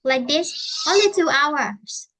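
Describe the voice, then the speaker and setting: A woman's voice: high-pitched, animated, slow pace, a bit bright, poor audio. A woman English teacher with a southern Vietnamese accent, chatting and explaining at length in a conversational lesson, with many fillers and restarts.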